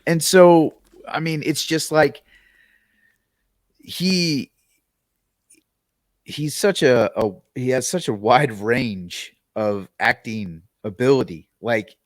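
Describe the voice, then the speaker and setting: A man co-hosting a podcast in casual chat, relaxed and loose with fillers. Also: mid-range voice, takes it slowly, long pauses, no echo, clean studio sound. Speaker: podcast co-host.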